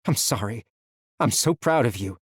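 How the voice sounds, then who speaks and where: A man's voice: mid-range voice, lively intonation, normal speed, husky, no room sound, clean studio sound. A man reading a desperate young hero. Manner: urgent and pleading.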